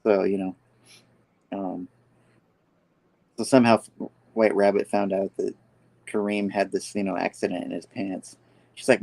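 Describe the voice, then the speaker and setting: A man hosting a show, casually recapping a comic book and quickly acting out each character's lines. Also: fairly low pitch, vocal fry, dry recording. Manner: animated retelling, acting out characters' lines with laughs. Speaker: host.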